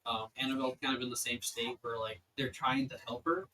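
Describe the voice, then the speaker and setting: A man's voice: medium pitch, level tone, fairly quick, bright, forceful tone, slight background noise, poor audio. A young man running a tabletop game as dungeon master, narrating casually with lots of filler words. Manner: rambling, filler-heavy narration.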